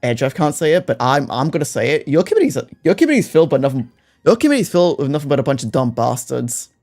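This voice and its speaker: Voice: medium pitch, very animated, darkish tone. A streamer playing a detective game, reading the text aloud and ranting at the characters with plenty of swearing and laughter. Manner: heated and profane, quick to rant at characters; breaks into laughter between rants. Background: faint background music.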